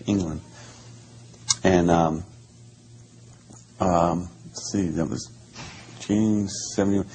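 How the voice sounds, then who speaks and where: A man being interviewed, telling a long story in a lively way and acting out the voices of people he quotes. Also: sits low, a little hiss or hum, rough recording. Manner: animated, acts out quoted voices. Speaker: interview guest.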